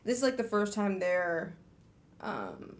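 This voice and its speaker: A woman's voice: medium pitch, sing-song, slow pace. A woman hosting a casual book club livestream, chatty and upbeat as she recaps the chapter. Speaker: streamer host.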